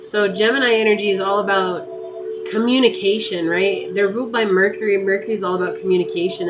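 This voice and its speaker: A woman's voice: medium pitch, steady tone, fast, muffled recording, background noise. A woman giving a casual, chatty tarot reading and talking straight to her viewers. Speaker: tarot reader.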